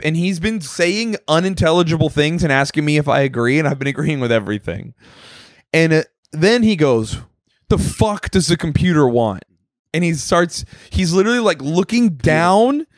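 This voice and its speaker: A man's voice: on the high side, animated, normal speed, no room sound. A man co-hosting a podcast, telling rambling, profane stories in casual chat and acting out what people said. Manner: rambling storyteller, swears freely, acts out quotes. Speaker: podcast co-host.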